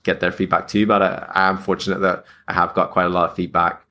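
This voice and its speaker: A man with a very deep voice talks as a guest on a podcast. He rambles casually, circling back on his points with lots of fillers. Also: level tone, fast, sharp tone.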